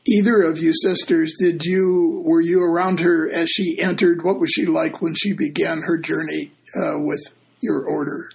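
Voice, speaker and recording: A man hosts an interview and asks his questions slowly, with pauses and fillers. His voice sits a little high and has a gravelly edge. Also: steady tone, low-quality recording. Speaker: interview host.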